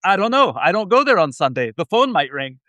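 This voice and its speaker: A man voicing his gruff older immigrant father with a heavy Israeli accent, giving clipped orders. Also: high voice, very animated, a little fast, pushed and bright, no room sound, voice pushed up, exaggerated voice. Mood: bossy, insistent.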